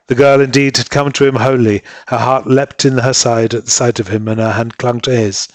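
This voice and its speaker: A man narrating a classic story in a measured, steady reading. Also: medium pitch, no echo.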